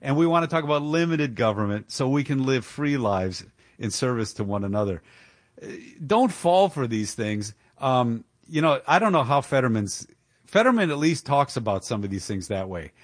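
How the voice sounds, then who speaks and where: A man's voice: mid-range voice, very animated, moderate pace, dry recording. Indignant male talk radio host, dry sound. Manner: indignant, emphatic, with chuckles. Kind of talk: political talk radio commentary.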